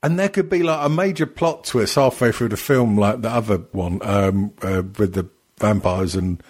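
A man's voice: on the low side, normal speed, a little mellow, slightly rough. A man co-hosting a crude comedy podcast, joking and rambling with plenty of fillers and restarts. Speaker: podcast co-host.

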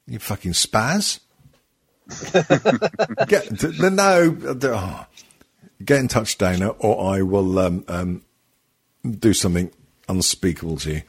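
Guy hosting a podcast, husky voice, swears a lot, rambles, pitch jumps all over. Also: lively intonation, takes it slowly, pauses often. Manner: sweary, rambling, laughs often. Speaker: podcast host. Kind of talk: casual comedy podcast chat.

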